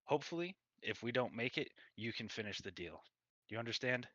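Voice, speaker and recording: A man's voice: mid-range voice, expressive, a little fast, bright, forceful tone, no echo, muffled recording. A man voicing a zealous male knight who is eager to hunt down dragons, speaking in a fervent, pushy way. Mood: urgent.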